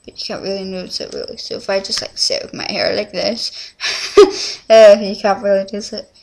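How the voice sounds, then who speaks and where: A woman's voice: mid-range voice, little pitch movement, moderate pace, creaky, a little mellow. A teenage girl, rambling through a casual confessional vlog at home, full of fillers and restarts. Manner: rambling, scattered, many fillers. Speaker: vlogger.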